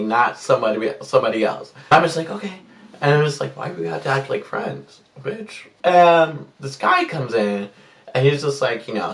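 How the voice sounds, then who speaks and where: A young man tells a story to camera in a loose, chatty way. He jumps from hushed asides to sudden shrill squeals when he plays out his own reactions. His voice carries a roomy echo and sits a little away from the microphone. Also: far from the mic. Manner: animated, swings into loud high squeals and hushed whispers when quoting himself. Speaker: vlogger. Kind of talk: casual storytime chat. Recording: roomy echo, a bit off-mic.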